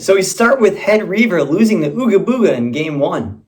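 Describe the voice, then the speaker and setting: Deadpan man pitching a script. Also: normal speed, hardly any pauses. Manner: deadpan, matter-of-fact, mildly exasperated. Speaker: screenwriter in a sketch. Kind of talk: comedy sketch dialogue.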